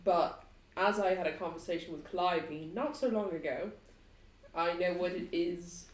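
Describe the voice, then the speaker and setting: A woman's voice: fairly low pitch, normal speed. A woman player in a tabletop game, speaking in character with an earnest, sincere manner. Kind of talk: tabletop role-play. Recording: echoey room, faint noise.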